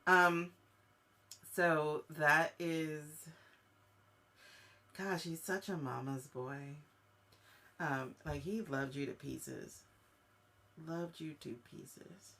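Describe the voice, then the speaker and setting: A woman hosting a live-streamed spirit reading as a psychic medium. She speaks directly to a viewer and searches for her words, with many fillers and pauses. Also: deep voice, steady tone, sharp tone, a little hiss or hum. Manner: halting, searching speech full of fillers.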